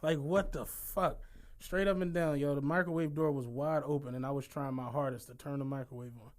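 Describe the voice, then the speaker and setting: A man's voice: a little high, a little fast. A young man, telling a story on a casual podcast, swearing and laughing as he goes. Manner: animated, swearing, laughs through his stories. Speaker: podcast co-host.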